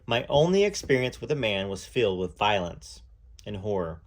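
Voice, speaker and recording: A man narrating a book aloud at a measured pace, telling the story in the first person. He sometimes breaks off to add his own comments between passages. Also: on the low side, sing-song.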